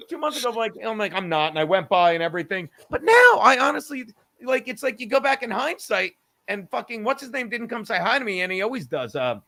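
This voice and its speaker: High, bright-voiced man ranting. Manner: animated, swearing, argues with self, laughs often. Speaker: podcast host. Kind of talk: casual comedic rant.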